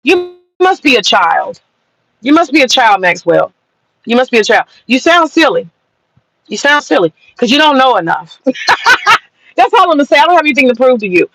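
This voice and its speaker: A woman's voice: sits high, a bit bright, no echo, rough recording. A woman in a parked car ranting on a live stream to her viewers, mocking a commenter, swearing, and bursting into long laughter. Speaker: livestreamer. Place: parked car in a parking lot.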